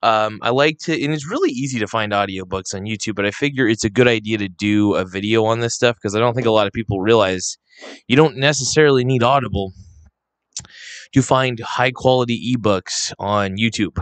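A man talking casually to his viewers into a close microphone, rambling with fillers and restarts, a little hoarse and coughing now and then. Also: on the low side, fairly quick, no room sound. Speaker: vlogger. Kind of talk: casual unscripted talk to camera. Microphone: close handheld microphone.

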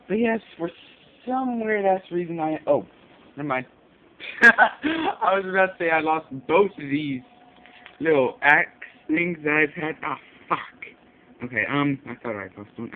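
A man swearing constantly as he rambles in a casual vlog from his bedroom. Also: fairly high pitch. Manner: profane, rambling, jumpy. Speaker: vlogger. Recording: tinny lo-fi audio with faint hiss.

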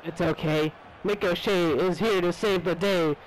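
A teenage guy yelling boastful trash talk while he plays a soccer game with friends. His voice sits very high and his words come out slow and drawn. A steady noise hangs under the recording. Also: low-quality recording. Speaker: gamer. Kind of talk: casual gaming banter.

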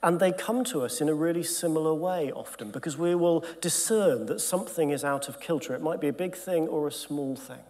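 An earnest man preaching to clergy in a conference hall, his voice sitting slightly high for a man. He drives his points home with emphasis, then sinks to a soft near-whisper. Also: brisk, hardly any pauses. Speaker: bishop leading a Bible study. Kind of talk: sermon-style Bible teaching to clergy.

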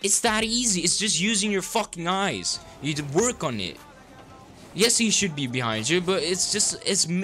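A young man talks a player through a game replay in a sharp, bright voice pitched a little high. He coaches bluntly, swearing and mocking often, while faint music plays underneath. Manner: blunt, profane and sarcastic.

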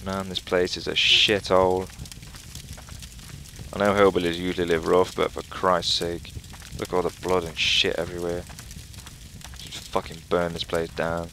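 Sweary man with a gravelly low voice. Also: flat delivery, normal speed, pushed and bright, a little hiss or hum. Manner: profane, sarcastic, joking asides. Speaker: let's play host. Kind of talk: gameplay commentary.

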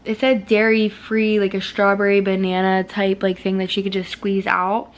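A young woman, chatting casually and excitably in a vlog, swearing freely and using slang. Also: mid-range voice, moderate pace. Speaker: vlogger.

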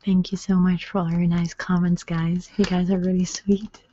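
Shy woman ASMR host, low-pitched voice, soft and agreeable, dull lo-fi stream sound. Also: flat delivery, moderate pace, a little hiss or hum. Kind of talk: casual chat.

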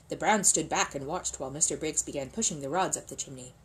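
A woman reading a children's book aloud in an expressive, lilting way. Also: deep voice, quick pace, low-quality recording. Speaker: reader.

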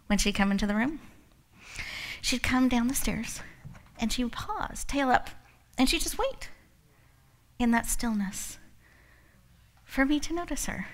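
A woman hosting an event, giving a motivational talk full of personal stories and frequent laughter. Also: fairly high pitch. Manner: laughs often, animated storytelling. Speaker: event host and speaker.

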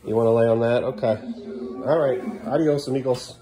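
A man's voice: a little fast, crowd noise. A father filming at home, chatting playfully with his young sons in a sing-song voice. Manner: playful, sing-song baby talk to the kids, often jumping up high. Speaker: father and vlogger. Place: family home, kids' bedroom. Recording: noisy home video.

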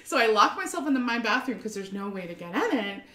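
A young adult woman, an artist guest, telling a story in an excitable, rambling way with frequent laughter and fillers. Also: on the high side, quick pace, crowd noise. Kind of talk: animated storytelling. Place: art studio. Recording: roomy, distant mic, faint ambience.

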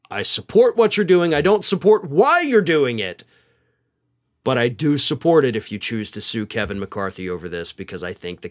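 A man hosting a political commentary monologue, speaking in a sarcastic, opinionated way. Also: medium pitch. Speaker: host.

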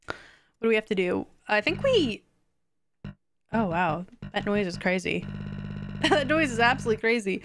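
A young woman streams a game live, talking through every move with a chatty, giggly manner. Her voice sits at an ordinary middle pitch. Soft game music plays quietly behind her. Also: normal speed, long pauses. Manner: excited squeals at wins.

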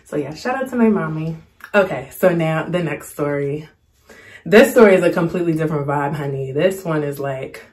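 A young woman chatting casually to the camera, telling a story and acting out the quotes in a higher voice. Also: moderate pace, darkish tone. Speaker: storytime vlogger.

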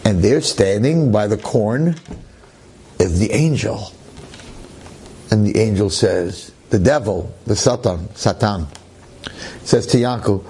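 A middle-aged rabbi telling a story in a dramatic, animated way, acting out its characters. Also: male voice, on the low side, slow pace, pauses often, a little hiss or hum. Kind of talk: storytelling lecture.

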